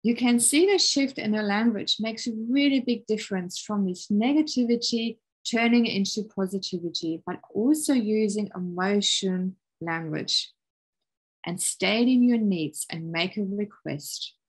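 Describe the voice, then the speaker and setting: A middle-aged woman giving a parenting webinar over a video call, calm and encouraging, explaining with everyday examples. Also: medium pitch, a little slow, slightly rough, poor audio. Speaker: parenting workshop presenter. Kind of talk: webinar presentation.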